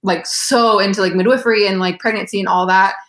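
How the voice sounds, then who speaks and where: A woman's voice: mid-range voice, fairly even intonation, fast, a bit bright. A woman dietitian co-hosting a podcast, gushing and talking in a casual way with many "like" fillers. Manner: gushing, heavy use of "like" fillers. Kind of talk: casual chat. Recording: echoey room.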